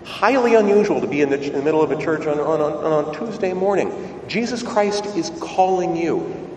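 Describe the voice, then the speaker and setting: A man's voice: on the high side, expressive, normal speed, a little mellow, slight background noise. A male priest preaching a conversational homily in a church, asking rhetorical questions and stumbling over repeated words. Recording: echoey church, far from mic.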